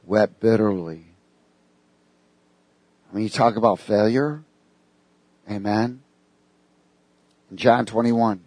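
A man's voice: lowish voice, fairly even intonation, slow, pauses often, darkish tone, dry recording. A man preaching a sermon who reads scripture and asks the congregation questions in a casual, conversational way.

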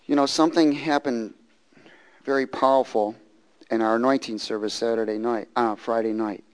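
A man preaching a sermon who moves from hushed storytelling to loud, fervent bursts and repeats phrases for emphasis. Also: medium pitch, steady tone, moderate pace, clear, resonant tone. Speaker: pastor.

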